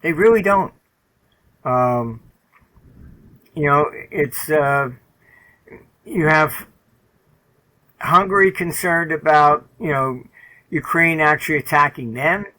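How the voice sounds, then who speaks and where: A man's voice: fairly high pitch, slow pace, long pauses, bright, forceful tone, low-quality recording. A man talking bluntly as an interview guest, rambling with many fillers and telling stories from his career. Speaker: interview guest, market forecaster. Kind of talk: casual interview talk, storytelling.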